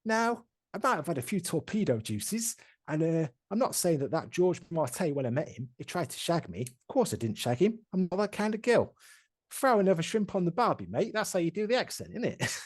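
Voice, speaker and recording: A man voicing a tipsy, flirtatious woman with a put-on Australian accent and a husky voice. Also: a little high, big pitch swings, fairly quick, dry recording, voice pushed up. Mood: bawdy.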